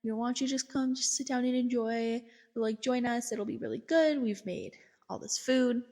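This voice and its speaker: A woman's voice: fairly high pitch, fairly even intonation, moderate pace, pitched above the performer's own voice, close to an everyday voice. A woman voicing a friendly family that coaxes a guest to stay for dinner. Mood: coaxing. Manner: pleading, coaxing.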